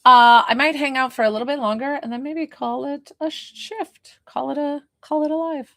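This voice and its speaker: A woman who works as a medium, chatting casually on a livestream and answering her viewers' questions in a lively way. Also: sits high, normal speed, no room sound, studio quality. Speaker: medium doing live readings.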